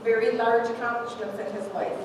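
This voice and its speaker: A woman in her forties gives an emotional personal testimony at a church service in the sanctuary, heartfelt and laughing through tears. Her voice is on the high side, brisk and level in tone, captured noisily by a distant mic in an echoey church hall.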